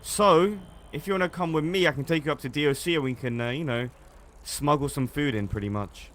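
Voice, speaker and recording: A man playing a police officer in a game roleplay, casual and teasing, throwing deadpan jabs. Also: fairly high pitch, brisk, a little hiss or hum. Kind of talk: in-character game roleplay chat.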